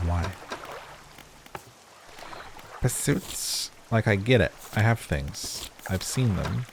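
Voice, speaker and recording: A man's voice: low voice, animated, measured pace, gravelly, noisy background. A man casually commenting on a game as he plays, chatting to his viewers and reacting with sudden startled outbursts. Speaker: gaming channel host. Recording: game sounds loud behind voice.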